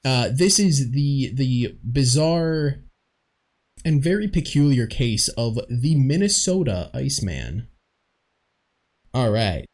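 A man's voice: medium pitch, very animated, slow, darkish tone. A young man hosting a casual mystery podcast, joking and laughing often, recorded in an echoey room. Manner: jokey, lots of fillers and laughter. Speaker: podcast host. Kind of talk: casual podcast chat, reading facts.

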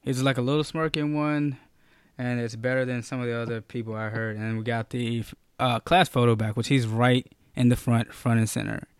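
A man co-hosting a casual chat, relaxed and joking, talking about being a father in halting phrases. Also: medium pitch, clear, resonant tone, no echo, studio quality. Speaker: podcast co-host and father.

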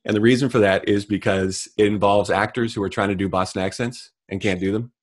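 A middle-aged man co-hosting a casual comedic chat, delivering deadpan mock rants. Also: fairly low pitch, fairly quick. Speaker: podcast co-host.

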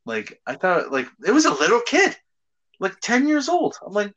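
Sitting high with huge pitch swings, this man's slightly bright voice moves at a normal speed. He co-hosts a casual talk show, animatedly telling stories, laughing, swearing and acting out quotes, all captured in dull lo-fi sound.

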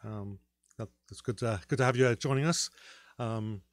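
A man's voice: lowish voice, normal speed, no room sound. A man co-hosting a casual podcast, talking in a rambling way with many fillers and restarts. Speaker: podcast co-host.

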